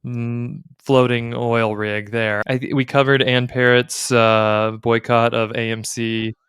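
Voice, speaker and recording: A man's voice: medium pitch, level tone, slow, fairly bright tone, clean tone, no echo, clean studio sound. A man co-hosting a casual podcast conversation, playfully quizzing his co-host like a game show.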